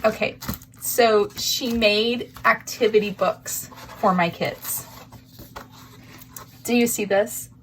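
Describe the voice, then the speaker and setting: A woman's voice: mid-range voice, fairly even intonation, takes it slowly, long pauses, a little hiss or hum. A woman hosting a crafting vlog, gushing with emotion and near tears as she shows off handmade gifts to the camera. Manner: gushing, sentimental, breathy asides. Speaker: crafting channel host.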